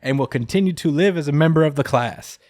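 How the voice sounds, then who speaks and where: A cheery schoolteacher makes an upbeat announcement to his class, as a podcast host quotes him. The voice is a man's own, only slightly lifted and brightened. It sounds dry and close to the microphone. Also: a little high, fast, dry recording, pitched above the performer's own voice, natural voice.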